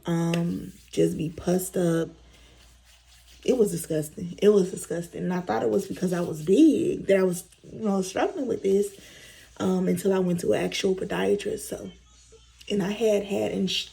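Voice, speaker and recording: A woman vlogger does her makeup while chatting candidly with viewers, calling them y'all and repeating herself as she tells her story. Her voice is lowish, creaky and mellow, and the audio quality is poor.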